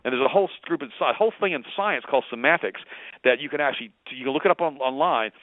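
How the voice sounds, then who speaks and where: A man's voice: mid-range voice, fast talker, no room sound. A man in his late fifties, a radio show guest on the telephone, telling a long personal story in a rambling, candid way with many restarts and asides. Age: 50s. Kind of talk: casual phone chat, long storytelling. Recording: dry tinny phone line.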